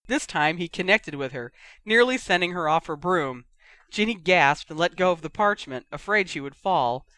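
Bright, crisp fan fiction reader. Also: medium pitch, moderate pace, no echo. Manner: lively, voices the characters. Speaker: audiobook reader. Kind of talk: fan fiction read aloud.

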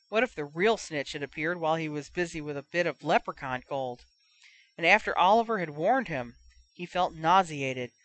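A woman narrating a fan fiction audiobook in a steady storytelling manner. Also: on the low side.

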